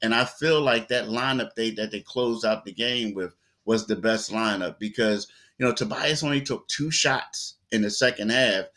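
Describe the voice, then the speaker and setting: A man co-hosting a sports talk show, telling stories in a loose, animated way with lots of quoted asides. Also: on the low side, normal speed, hardly any pauses.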